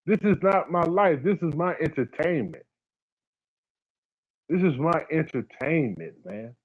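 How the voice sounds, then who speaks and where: A man's voice: fairly high pitch, animated, a little slow, long pauses, narrow, tinny audio. A man hosting a casual livestream, talking bluntly, repeating his points and addressing viewers by name. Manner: blunt, repeats himself, talks to chat by name. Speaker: livestream host.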